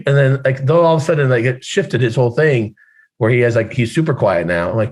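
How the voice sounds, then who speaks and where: A man's voice: medium pitch, animated, fast, darkish tone. A man talking as a guest on a video call panel, chatty and filler-heavy as he tells stories. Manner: chatty, filler-heavy storyteller, laughs often. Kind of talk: casual panel chat.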